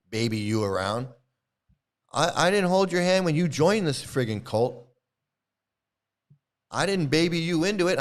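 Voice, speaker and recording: Middle-aged male host, profane and confrontational, fairly high voice with big, lively pitch swings. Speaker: YouTube channel host. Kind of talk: profane live-stream rant.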